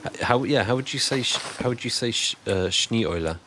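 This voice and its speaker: A man's voice: medium pitch, animated, normal speed, bright, forceful tone, a little hiss or hum. A man chatting casually and rambling on a live stream while he builds, answering chat as he goes.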